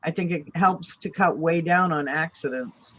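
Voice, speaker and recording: A man's voice: a little high, sharp tone. A man hosting a casual video-call chat, teasing and joking playfully. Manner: playful teasing, quick jokes. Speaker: show host.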